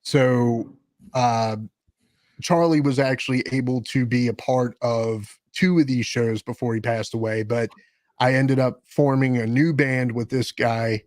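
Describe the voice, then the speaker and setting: A man's voice: medium pitch, steady tone, a little slow, a little mellow, dry recording. A man chatting as a guest in an interview, rambling with frequent restarts and self-corrections. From Maryland. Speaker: guest musician and podcast host. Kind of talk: casual interview talk.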